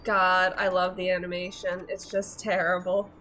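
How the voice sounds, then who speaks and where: A woman's voice: on the low side, completely flat delivery, moderate pace, bright, forceful tone, poor audio. A young woman streamer chatting and laughing as she plays a video game live at her desk mic. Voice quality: giggly, chatty. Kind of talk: live gameplay commentary.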